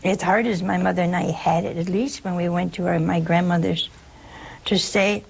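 A woman's voice: fairly low pitch, steady tone, normal speed, gravelly, slight background noise, poor audio. An older American woman, a religious sister, giving a folksy spiritual talk, telling stories and acting out quoted dialogue with a laugh. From United States. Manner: chatty storyteller who acts out quoted dialogue with a laugh.

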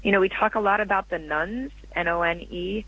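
A man with a high, bright voice talks as an interview guest. He is earnest and reflective, often pausing mid-thought before going on. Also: lo-fi sound. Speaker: guest author. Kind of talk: radio interview.

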